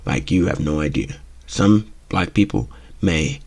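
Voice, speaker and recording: Guy w a kinda low voice ranting on his own talk show, blunt, keeps saying okay? you know?. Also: expressive, measured pace, creaky, darkish tone, husky. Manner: blunt and opinionated, repeats himself, frequent "okay?" and "you know?". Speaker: show host. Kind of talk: casual opinion commentary.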